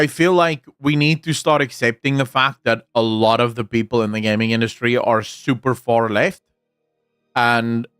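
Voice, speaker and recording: A man's voice: mid-range voice, a bit bright, clean tone, dry recording, clean studio sound. A man chatting casually on a livestream, answering his chat, rambling and opinionated with frequent restarts.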